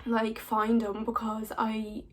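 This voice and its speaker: A woman's voice: on the high side, completely flat delivery, takes it slowly. A young woman casually telling stories to camera, chatty and full of "like" fillers. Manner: chatty, many "like" fillers, laughs often. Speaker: vlogger. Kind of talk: casual storytelling.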